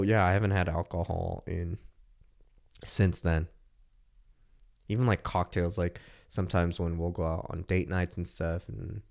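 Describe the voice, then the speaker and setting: A young man with a somewhat low voice talks in a loose, rambling way, full of filler words and quick laughs. He sounds like a podcast host chatting casually at home. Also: creaky, a little mellow. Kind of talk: casual chat.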